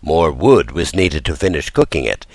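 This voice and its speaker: A man reading a classic children's story aloud with a lively, theatrical delivery. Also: a bass voice, moderate pace, no echo. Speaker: audiobook narrator.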